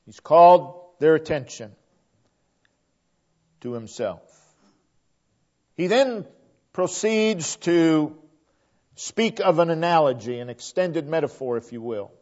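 Slow, dynamic male preacher, lo-fi. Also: fairly high pitch, lively intonation. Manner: dynamic preaching, swelling emphasis then dropping to hushed line endings. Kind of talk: sermon.

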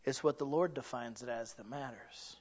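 A male pastor delivering a sermon, dropping to hushed low lines and building to loud peaks, acting out quoted voices as he tells stories. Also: normal speed, husky. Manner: acts out quoted voices in storytelling. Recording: dull lo-fi recording.

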